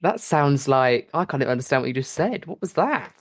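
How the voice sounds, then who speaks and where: A man from the United Kingdom hosting a podcast, chatting casually in quick rambling bursts with lots of fillers. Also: medium pitch, expressive. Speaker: podcast host. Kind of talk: casual chat.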